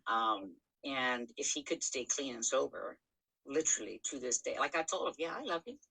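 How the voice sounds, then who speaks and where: Podcast host, middle-aged woman, low pitch and a bright, forceful tone, frank and profane in her storytelling. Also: lively intonation, moderate pace, gravelly, breathy edge, low-quality recording. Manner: frank, swears freely, many fillers and restarts. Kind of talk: candid personal storytelling.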